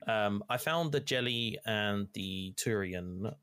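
Low-voiced man, rambling gamer chat. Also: slow, fairly bright tone, no room sound, clean studio sound. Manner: rambling, filler-heavy storytelling, swears casually. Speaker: gamer recapping play. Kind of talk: casual chat.

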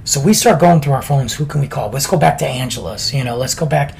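Gravelly man telling a laid-back story. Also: medium pitch, quick pace, a little mellow, slight background noise. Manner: laid-back, chatty, slangy. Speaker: podcast storyteller. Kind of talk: casual storytelling.

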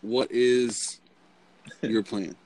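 A man co-hosting a podcast in loose, casual chat. He rambles through long stories and laughs at his own punchlines. His voice sits at an ordinary middle pitch. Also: fairly even intonation, drawn-out words, noisy background. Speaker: podcast co-host.

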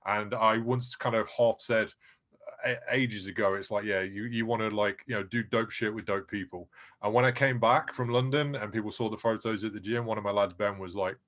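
A man, a martial arts instructor, talking in a relaxed, plain-spoken way with some slang in a casual podcast chat. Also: lowish voice, fairly quick.

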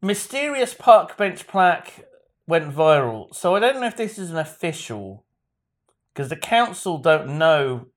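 A man's voice: on the high side, very animated, measured pace. A man co-hosting a casual chat, reading out stories and cracking wry jokes. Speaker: podcast co-host. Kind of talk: casual banter.

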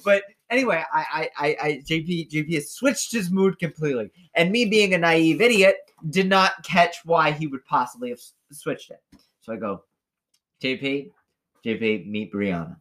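A man's voice: fairly high pitch, animated, moderate pace, a bit bright. A man co-hosting a podcast, telling a story in casual chat, acting out quotes and laughing often. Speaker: podcast co-host.

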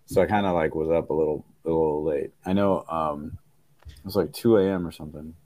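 A man's voice: very deep voice, steady tone, fairly quick, darkish tone, dry recording. A tired man hosting a podcast, telling rambling stories with laughs and many restarts over a video call. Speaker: podcast host. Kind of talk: casual chat.

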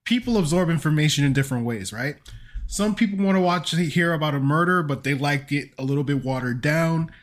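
A man's voice: a little high, lively intonation, fairly quick. A man co-hosting a casual podcast, riffing loosely, swearing and laughing often. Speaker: podcast co-host.

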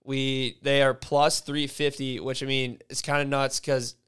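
Casual man, flat even voice. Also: mid-range voice, unhurried, clear, resonant tone. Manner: loose, swears freely, leans on "like". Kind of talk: casual sports chat.

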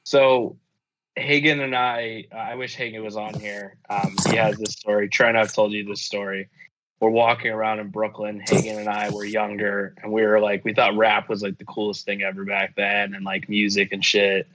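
A man's voice: on the low side, flat delivery, moderate pace, a bit bright, a little hiss or hum. A young man telling stories casually on a podcast, laid-back and profane, laughing often. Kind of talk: casual storytelling chat. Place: apartment abroad, call-in. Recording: dull lo-fi audio.

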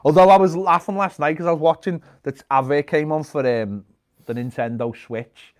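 Playful high-voiced man. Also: fairly even intonation, moderate pace. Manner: playful, slips into silly shouted voices. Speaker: co-host. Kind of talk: casual chat reading comments.

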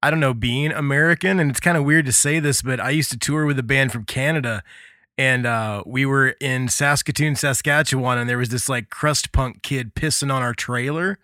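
A man's voice: medium pitch, fairly even intonation, moderate pace, bright, forceful tone, dry recording, studio quality. A man hosting a casual podcast chat, telling stories in a laid-back way and laughing often. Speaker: podcast host.

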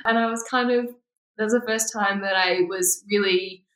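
A woman's voice: mid-range voice, steady tone, normal speed, fairly bright tone, echoey room. A woman, a guest talking candidly in a casual interview and laughing often. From Australia. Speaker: guest, former pageant winner.

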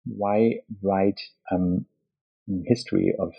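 Guy, author, husky gravelly voice, thinks out loud and restarts a lot. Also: low-pitched, fairly even intonation, slow pace, muffled recording. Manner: thoughtful, hesitant, restarts often. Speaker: author being interviewed. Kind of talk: academic interview.

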